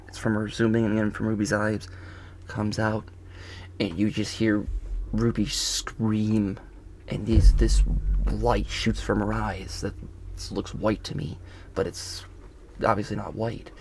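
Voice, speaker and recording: A man's voice: on the low side, creaky, a little mellow, slight background noise. A man casually recapping a show episode outdoors, rambling and correcting himself as he goes. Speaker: video reviewer. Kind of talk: casual spoken review. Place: outdoors on a golf course.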